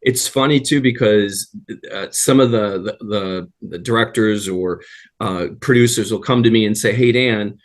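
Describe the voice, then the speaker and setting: A man's voice: fairly low pitch, moderate pace. A man talking as a guest in a casual interview, telling long anecdotes with a rambling flow. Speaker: guest actor and writer.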